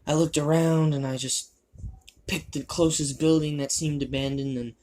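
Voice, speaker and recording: A man's voice: fairly high pitch, steady tone, normal speed, darkish tone, lightly acted. A man voicing a crude, boastful male spider demon in a fan fiction monologue, rambling and gleeful about violence, with a shifting put-on British-style accent.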